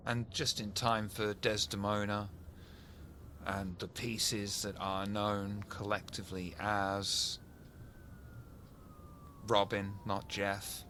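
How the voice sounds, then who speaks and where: A man running a tabletop role-playing game as game master, animated and self-mocking, swearing casually. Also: fairly low pitch, slow pace, long pauses, a little hiss or hum.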